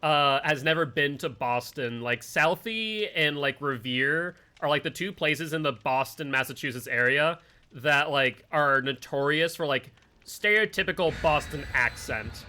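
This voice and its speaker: A man streaming a game live, chatting casually with his friends and chat, full of "like" and quick asides. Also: a little high, sharp tone. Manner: chatty, filler-heavy, talks to chat and friends.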